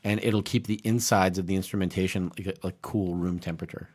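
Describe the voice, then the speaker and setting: A man hosting a podcast in casual chat, talking in an excitable, emphatic way and swearing a lot. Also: low-pitched, fast talker. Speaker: podcast host.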